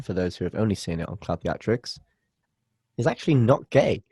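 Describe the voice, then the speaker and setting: A man's voice: on the low side, unhurried, warm tone, no echo, studio quality. A man co-hosting a podcast in casual chat, teasing and chatty with plenty of fillers. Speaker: podcast co-host.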